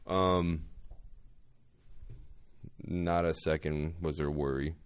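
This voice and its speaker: Male co-host, very low bass voice, dry close sound, agreeable backchanneler. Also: steady tone, clean tone, no room sound. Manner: agreeable, quick to affirm with short backchannels. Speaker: podcast co-host. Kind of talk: podcast discussion.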